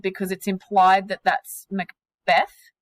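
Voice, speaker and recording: A woman teaching a classroom lesson, speaking slowly and deliberately. Her voice sits in a middle register and is recorded close and dry, with no room sound. She questions her students energetically and drops casual slang. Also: medium pitch, monotone, no echo, low-quality recording.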